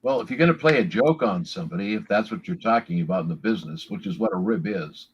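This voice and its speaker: An older man speaks as an interview guest, plain and self-deprecating. His husky voice comes through dull, lo-fi remote audio. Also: sits low, lively intonation, quick pace. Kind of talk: casual interview chat.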